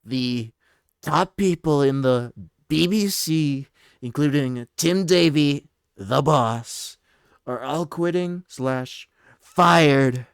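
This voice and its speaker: A man doing an impression of a blustering older male politician, reading a post in a loud, drawn-out, emphatic voice. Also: on the high side, smooth, no room sound, studio quality, voice pushed up.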